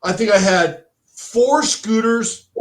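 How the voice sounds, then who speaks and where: A middle-aged man, once the owner of a bike shop, chats on a podcast in a high-pitched voice at a slow pace. He rambles, restarts frequently, and drops "dude" often; the recording has a roomy echo plus a bit of hiss or hum.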